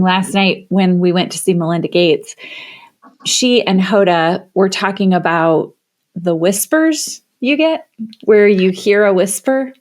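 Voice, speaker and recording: A middle-aged woman from the Chicago area, a guest on an interview podcast, telling her story with animated, lively delivery and acting out the voices she quotes. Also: mid-range voice. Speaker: guest, women's leadership coach.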